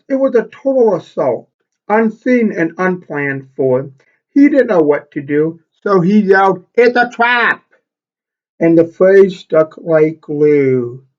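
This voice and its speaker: A male elementary school teacher reading a picture book aloud to children, expressive and stopping to explain the pictures. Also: sits high, highs cut off.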